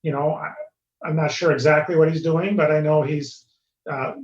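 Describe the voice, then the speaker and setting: A middle-aged man talks casually as a guest, pausing often and filling gaps with small hesitations. His voice is slightly higher than most men's. It comes through a roomy, muffled remote connection. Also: steady tone. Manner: hesitant, lots of fillers. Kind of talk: casual chat. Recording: roomy, dull remote audio.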